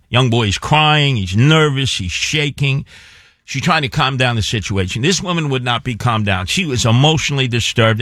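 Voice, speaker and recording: A man's voice: mid-range voice, a bit bright, no echo, clean studio sound. A man on a talk show, telling a story in a rambling, emphatic way with asides.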